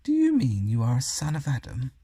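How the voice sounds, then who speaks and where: A man's voice: mid-range voice, huge pitch swings, a little fast, vocal fry, dark tone, husky, dry recording, studio quality, full character voice. A man putting on a haughty cold queen. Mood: imperious. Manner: haughty, commanding, scornful. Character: cold imperious queen, a grown woman.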